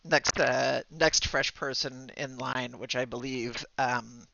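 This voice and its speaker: A man running a tabletop game as game master, narrating in a halting way with many fillers and restarts. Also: medium pitch, fairly even intonation, gravelly, bright, forceful tone, no echo, dull audio.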